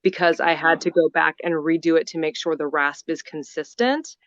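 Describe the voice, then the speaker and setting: A female voice actor chatting about her warm-up routine in an interview, over a video call. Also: low-pitched, steady tone, normal speed, no room sound, highs cut off. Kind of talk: remote interview.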